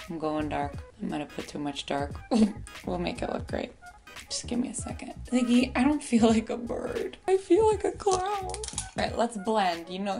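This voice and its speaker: A woman's voice: mid-range voice, vocal fry, darkish tone. A woman doing a casual makeup tutorial. She talks in a playful, silly way to her pet bird and makes self-mocking asides. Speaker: beauty vlogger.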